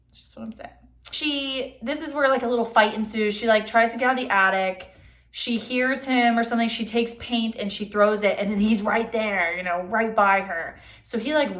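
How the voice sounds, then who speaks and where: A woman's voice: mid-range voice, normal speed, a bit bright. A young woman speaking in a mid-range voice, talking straight to her viewers as she picks apart a movie. She sounds chatty and exasperated, and her talk is full of "like" and "you know". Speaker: vlogger reviewing a film. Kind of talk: casual chatty movie review.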